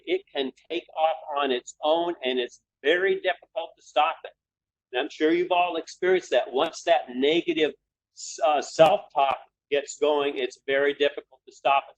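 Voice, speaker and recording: Male webinar presenter, calm guided-exercise delivery, slightly higher voice, dull call audio. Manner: calm, slow, repeats cues in threes. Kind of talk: guided breathing instruction.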